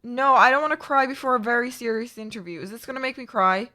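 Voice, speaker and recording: A woman's voice: fairly high pitch, fast talker, pushed and bright. A young adult woman live streamer chatting casually with her viewers, exclaiming and talking straight to chat.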